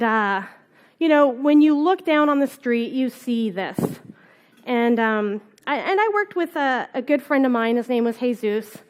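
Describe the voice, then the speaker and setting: A young woman from Canada gives a conference talk while fighting a cold. Her voice sits high, and she rambles casually with plenty of ums and asides. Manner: casual, rambling storytelling with fillers. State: has a cold, on cold medicine. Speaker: conference speaker. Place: conference hall.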